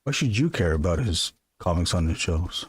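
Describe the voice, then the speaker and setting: A man with a fairly low voice rambles along while he works on a drawing for his stream. He keeps talking to himself and asking stray questions aloud. The sound is dry and close, with no room echo. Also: expressive, normal speed, breathy edge. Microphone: close camera mic.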